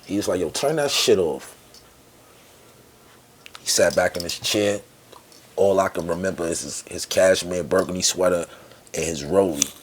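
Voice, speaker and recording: A deep-voiced man from Harlem with a New York accent, in his forties, talking as a guest on a podcast. He tells his stories in a relaxed, streetwise way. When he quotes other people, he bursts into their voices. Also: normal speed, a little hiss or hum. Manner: animated, acts out quoted people with raised voice. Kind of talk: casual storytelling.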